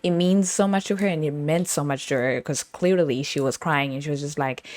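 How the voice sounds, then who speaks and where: A young woman with a low voice, telling a story in a casual, rambling way, full of slang and quick laughs. The sound is dry and close. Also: expressive, a little mellow, no room sound. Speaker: podcast host.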